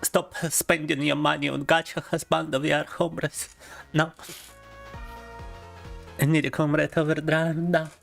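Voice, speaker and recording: A man's voice: on the high side, level tone, moderate pace, creaky, pauses often, a bit bright. A young man chats on a live stream. He rants in an overblown mock-tragic tone and flips between two languages. Game music plays faintly behind him. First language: Russian. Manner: mock-dramatic rambling, bilingual switching. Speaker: gaming streamer. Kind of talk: casual live-stream chat.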